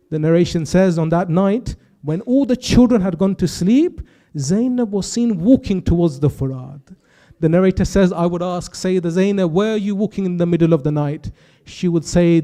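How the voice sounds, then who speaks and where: Young male preacher, high mellow voice, emotional sermon storytelling, impassioned builds. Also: normal speed. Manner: storytelling with quoted dialogue, rising to impassioned intensity. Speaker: speaker at a youth majlis. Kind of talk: emotional religious sermon narration.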